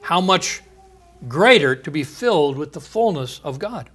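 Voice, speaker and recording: A man preaching a sermon in an earnest teaching manner, posing rhetorical questions and pausing for emphasis. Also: fairly high pitch, lively intonation, fairly bright tone, husky.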